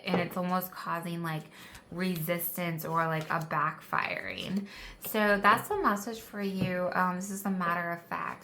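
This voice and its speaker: A woman's voice: on the low side, noisy background. A woman giving a casual tarot reading, chatty and encouraging, filling her talk with "like", recorded on a phone indoors. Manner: chatty and encouraging, many "like" fillers. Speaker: tarot card reader. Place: indoor room with a candle. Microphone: phone camera.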